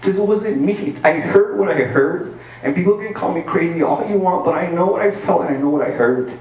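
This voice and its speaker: A man's voice: high-pitched, animated, normal speed, darkish tone, lo-fi sound. A man from El Paso, Texas, telling an earnest personal story on a stage as a stand-up comedian, full of filler words. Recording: roomy sound from a distance.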